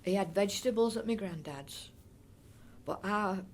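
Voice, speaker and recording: A mid-range, measured voice with a little hiss or hum in the background. She is an older woman from the North East Derbyshire area of England, looking back on her life in an oral history interview with chatty, rambling talk, many restarts and fond little asides.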